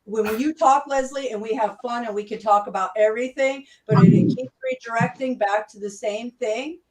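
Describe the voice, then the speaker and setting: A woman's voice: fairly high pitch, fairly quick, darkish tone, distant mic, slight background noise, low-quality recording. A woman hosting a livestream discussion who talks in a heated, profane, confrontational way. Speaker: channel host.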